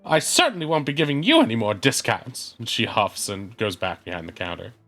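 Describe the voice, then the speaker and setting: A man running a tabletop game, narrating with loose fillers and quick laughs. His voice is lively, rising and falling a lot. Faint music plays behind him. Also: mid-range voice. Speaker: game master.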